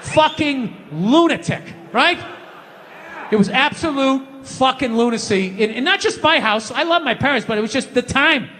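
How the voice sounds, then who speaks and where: On a theater stage before a live audience, a middle-aged comedian rants through his stand-up set, his high, bright, forceful voice climbing into frequent shouts. He's expressive and moderately paced, and the handheld mic carries a long hall reverb, faint ambience, and a little hiss or hum.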